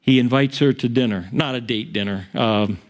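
A male pastor preaching a sermon in an animated, emphatic way. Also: moderate pace. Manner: animated, emphatic, shifting pitch for quotes.

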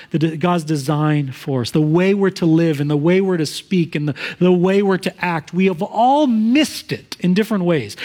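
Man, pastor, sermon, high-pitched voice, earnest teaching, playful examples. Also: a little mellow.

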